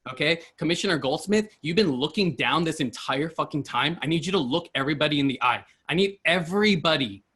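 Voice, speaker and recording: A man's voice: fairly high pitch, animated, a little fast, few pauses, a bit bright, breathy edge. Furious swearing man at public comment. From Los Angeles.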